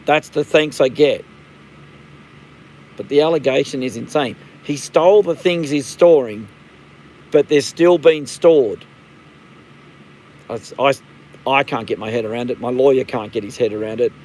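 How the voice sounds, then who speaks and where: A man's voice: medium pitch, moderate pace, darkish tone, poor audio. Aussie bloke in his 50s, rambling live chat, swears a lot, says it straight. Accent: Australian. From Australia. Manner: rambling, blunt, swears freely. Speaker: livestream host. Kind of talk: casual live-stream chat.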